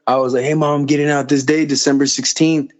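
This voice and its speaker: A man guesting on a podcast rambles through a personal story at a quick clip, his fairly high voice barely moving in pitch. He repeats phrases and acts out the dialogue in casual storytelling, captured on slightly dull lo-fi audio.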